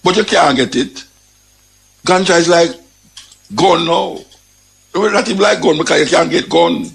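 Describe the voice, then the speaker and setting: A man's voice: fairly high pitch, normal speed, vocal fry, a bit bright, poor audio. A man with a Jamaican accent giving emphatic spoken commentary, repeating his points and often saying "you know".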